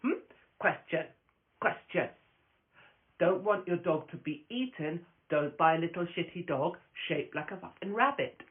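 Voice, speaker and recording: A woman's voice: lowish voice, lively intonation, a little slow. A woman hosting a casual live stream from her phone, brash and profane, rambling from story to story and laughing often. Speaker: host of a live stream, stand-up comic. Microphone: phone camera. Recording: tinny phone-quality audio.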